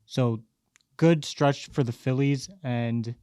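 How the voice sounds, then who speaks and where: A man of middle pitch speaks in a smooth, clear voice, laying out a measured, analytical take for a sports podcast. The recording is dry and close. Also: steady tone, dark tone, no echo. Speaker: podcast co-host.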